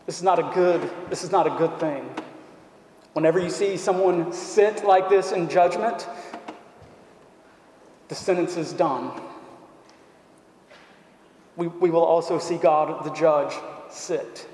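A man with a slightly raised pitch delivers a sermon in a church, driving his points home with repeated phrases and rhetorical questions. His voice rings through a large, echoing sanctuary with a long reverb tail. Faint room noise sits underneath. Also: darkish tone. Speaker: pastor. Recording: echoey hall with long reverb.

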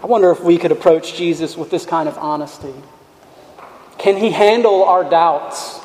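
Slow, earnest preacher in an echoing hall. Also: male voice, on the high side. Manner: earnest, emphatic preaching with quiet asides. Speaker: pastor. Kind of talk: sermon. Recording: echoey hall with long reverb.

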